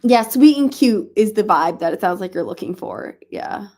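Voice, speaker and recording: A woman chats casually on a relaxed reading livestream. She laughs often and drops into soft baby talk for her cat. Her voice sits at an ordinary middle pitch. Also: normal speed. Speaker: livestream host. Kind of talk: casual chat.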